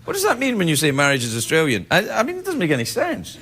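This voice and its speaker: A man hosting a late-night talk show, cracking quick jokes and playful asides to a studio audience. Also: a little high, wildly swooping pitch, fairly bright tone. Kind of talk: comedy monologue banter. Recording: studio audience laughter and noise.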